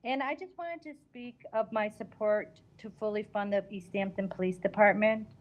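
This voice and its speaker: A woman's voice: medium pitch, moderate pace, dull audio. A woman, giving a prepared public comment at a city council meeting and reading her statement earnestly.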